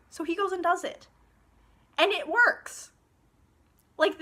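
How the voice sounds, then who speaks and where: A young woman with a high, bright voice ranting sarcastically about a book. She talks in an exasperated way and swears freely. The sound comes from her phone. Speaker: book reviewer. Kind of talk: casual book review rant.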